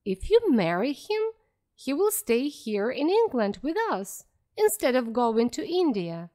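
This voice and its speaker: A woman reading the lines of a kind, caring young woman in a storybook, warm and concerned. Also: fairly high pitch, big pitch swings, unhurried.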